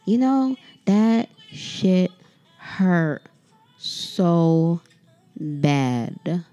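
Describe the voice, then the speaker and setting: A woman's voice: lowish voice, big pitch swings, very slow, mellow, faint music behind. Heated, profane woman venting on her podcast. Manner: addresses listeners directly. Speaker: podcast host. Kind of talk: emotional solo podcast monologue.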